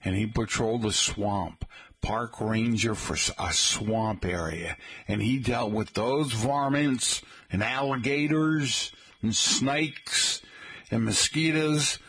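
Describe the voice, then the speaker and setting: A middle-aged man hosting a local radio show, chatting in a folksy way and slowly spelling out details for listeners. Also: mid-range voice, fairly bright tone, husky. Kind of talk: casual radio talk. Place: radio studio.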